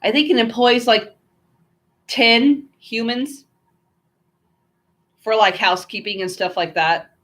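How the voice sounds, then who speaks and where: A woman's voice: a little high, takes it slowly, long pauses, fairly bright tone. Chatty American woman vlogging. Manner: rambling, chatty, many fillers and asides. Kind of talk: casual chat to camera.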